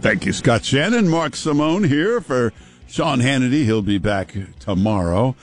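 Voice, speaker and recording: A man hosting a talk radio show in a relaxed, chatty way, often pausing on "uh". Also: medium pitch, faint music behind. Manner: relaxed, chatty, frequent "uh" fillers. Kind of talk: casual talk radio banter. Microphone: studio microphone.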